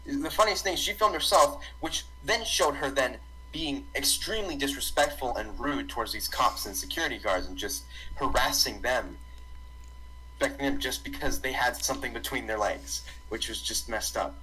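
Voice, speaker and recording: A young man in casual online chat on a voice call, rambling with restarts and animated outbursts. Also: medium pitch, moderate pace, slight background noise, low-quality recording. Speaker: podcast co-host. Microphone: computer mic on voice call.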